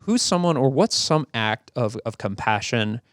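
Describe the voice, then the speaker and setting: A man's voice: medium pitch, expressive, moderate pace, no room sound, studio quality. A man co-hosting a podcast, telling a story in an easygoing way with fillers and restarts. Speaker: podcast co-host. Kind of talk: casual conversational storytelling.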